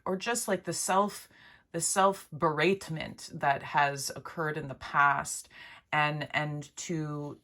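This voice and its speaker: Soft, slow, low-voiced woman card reader. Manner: gentle, halting, many restarts and fillers; emotional, heartfelt. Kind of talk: spiritual pick-a-card reading.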